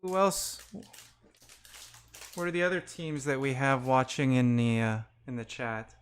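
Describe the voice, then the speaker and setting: A man's voice: medium pitch, normal speed. A man hosting a live card break, calling out player names one by one as he opens packs and chatting with viewers. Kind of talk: live-stream pack opening.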